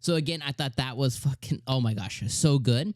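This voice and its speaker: Rambling, excitable male anime reviewer. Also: medium pitch, normal speed, no echo, clean studio sound. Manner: rambling and excitable, with many fillers and restarts; retells scenes in slangy paraphrase. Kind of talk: casual spoken episode review.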